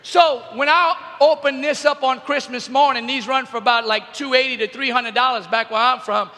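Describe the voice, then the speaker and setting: A middle-aged man and youth speaker telling a comic story to a live audience in an animated way, bursting into shouts. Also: very high-pitched, normal speed. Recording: reverberant arena hall.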